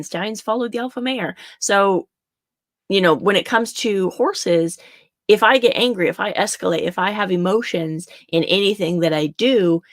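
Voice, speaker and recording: A woman's voice: medium pitch, fairly bright tone, no echo, clean studio sound. A young adult woman horse riding coach giving casual teaching talk, chatty and repeating her points for emphasis.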